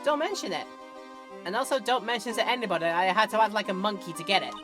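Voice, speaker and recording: A woman's voice: medium pitch, fast, natural voice. A woman voicing an exasperated young male defense lawyer with dry, sarcastic delivery. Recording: game music behind.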